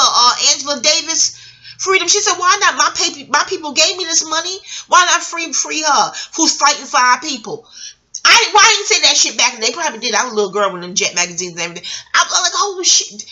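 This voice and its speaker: A middle-aged woman venting in a casual, scattered, profanity-laced rant, swinging between loud outbursts and quiet asides. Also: high voice. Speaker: vlogger.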